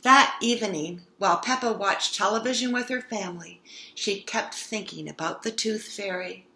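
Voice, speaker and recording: A woman reading a children's picture book aloud with expressive narration. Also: medium pitch, normal speed. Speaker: storybook reader. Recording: roomy echo.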